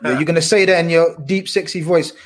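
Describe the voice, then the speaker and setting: A man hosting a casual football chat, talking in an animated, slangy, emphatic way. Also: fairly high pitch, fairly quick. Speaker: podcast host.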